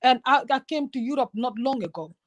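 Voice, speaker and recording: A woman's voice: high voice, animated, fairly quick. A woman from Gambia with a Gambian accent, talking earnestly and emotionally in conversation, often stammering and restarting her words. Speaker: YouTuber guest. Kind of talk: impassioned conversation.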